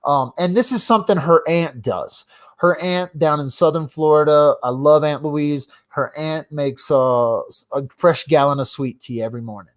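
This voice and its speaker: A man hosting a casual live stream from his phone, ranting and swinging from loud outbursts to mumbled asides. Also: a little high, normal speed. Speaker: livestream host.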